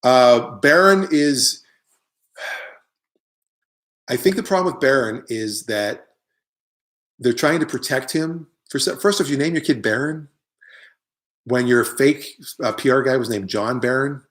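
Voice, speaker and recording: A man's voice: mid-range voice, unhurried, pauses often, a bit bright. A middle-aged man hosting a live online show, delivering a rambling, opinionated comic monologue with jokey asides while he answers viewer comments.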